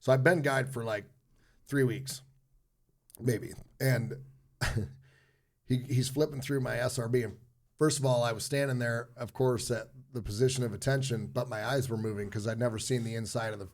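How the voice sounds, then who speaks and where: A man telling a story in casual conversation, with many pauses, restarts and fillers. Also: mid-range voice, steady tone. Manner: rambling, filler-heavy anecdote telling. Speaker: podcast guest, former Marine.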